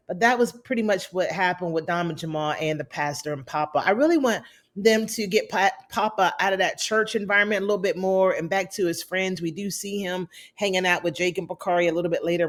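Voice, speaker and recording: Chatty woman recapping a TV episode. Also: mid-range voice. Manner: chatty, opinionated, talks straight to viewers. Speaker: TV recap reviewer. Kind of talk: casual recap commentary.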